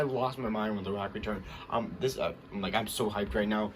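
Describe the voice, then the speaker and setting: A young man giving an excited, rambling recap of a wrestling show, full of fillers. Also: lowish voice, a little fast, a little hiss or hum. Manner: hyped, rambling, lots of fillers.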